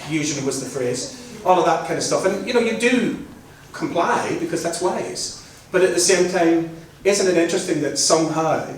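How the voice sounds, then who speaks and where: Chatty Belfast man in an echoey hall. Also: fairly high pitch. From Northern Ireland. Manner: chatty, joking, candid. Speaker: guest speaker. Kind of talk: live talk to an audience. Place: large hall with an audience. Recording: very echoey hall, mic at a distance, faint noise.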